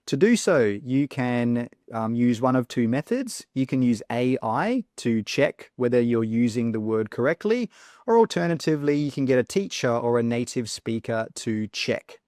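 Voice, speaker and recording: A man teaching an English exam lesson, clearly explaining points and slowly modelling word pronunciation. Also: mid-range voice, very animated, darkish tone, no echo, clean studio sound. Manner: clear, instructive, stresses words slowly when modelling pronunciation. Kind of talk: video lesson.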